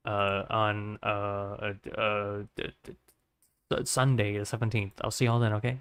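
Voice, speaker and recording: A man's voice: on the low side, little pitch movement, normal speed, fairly bright tone, clean tone, dry recording, studio quality. A man streaming his art session, chatting loosely with lots of fillers and signing off to viewers, his voice strained and tired. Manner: rambling, filler-heavy, friendly. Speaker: art livestreamer. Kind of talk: casual stream sign-off chat.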